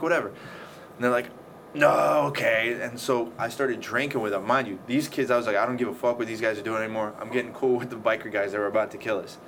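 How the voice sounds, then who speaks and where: A man's voice: medium pitch, fast talker, fairly bright tone. A man telling a story in casual chat, swearing often and acting out the scenes. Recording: faint background noise.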